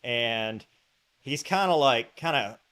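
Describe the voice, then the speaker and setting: Male podcast host, casual storyteller, mid pitch, chatty with many asides. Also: takes it slowly, clean tone. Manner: animated anecdote-telling, full of fillers and asides.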